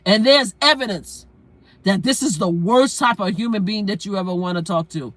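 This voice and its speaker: A woman talks straight into her phone from inside a car, her voice bright and forceful. She speaks bluntly and with emphasis, circling back to the same lines again and again in a heated live-stream rant. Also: medium pitch, normal speed, no echo.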